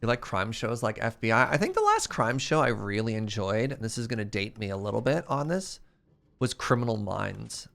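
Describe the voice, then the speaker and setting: A man's voice: on the low side, huge pitch swings, moderate pace, creaky, fairly bright tone. A man streamer chatting casually with his chat while playing a game, laughing often.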